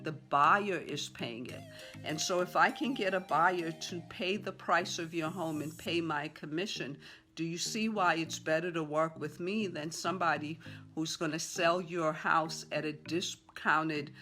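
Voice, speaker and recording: A woman teaching a sales training session to a group, talking fast with lots of fillers and acting out conversations with sellers. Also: low-pitched, sharp tone. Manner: talks fast, role-plays seller dialogue, many fillers. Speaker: real estate sales trainer. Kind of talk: live training talk to a room.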